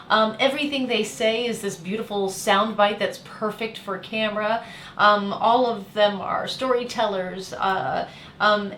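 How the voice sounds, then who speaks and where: A woman's voice: medium pitch, a bit bright, reverberant, slight background noise. A middle-aged American woman hosting a casual livestream chat as a travel show host, rambling with fillers and self-deprecating laughs. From United States.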